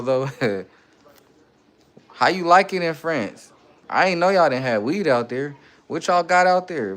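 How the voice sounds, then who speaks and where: A man hosting a casual livestream, reading viewer comments aloud and answering in loose, slang-heavy banter. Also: medium pitch. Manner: laid-back slang-heavy banter with frequent laughing. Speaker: livestream host.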